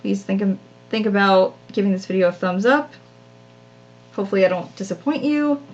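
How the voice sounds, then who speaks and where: A woman's voice: medium pitch, lively intonation, moderate pace. A woman hosts a live craft stream, rambling casually and poking fun at herself as she works. Her voice sits in an ordinary middle range. The sound is a little dull and lo-fi, like a home live-stream. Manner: chatty, self-deprecating, frequent laughs. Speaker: craft channel host.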